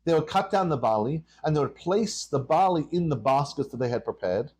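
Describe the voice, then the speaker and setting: A man, a rabbi, teaching a Torah lesson on a podcast and telling the story with lively call and response. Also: a little high, brisk, slightly rough.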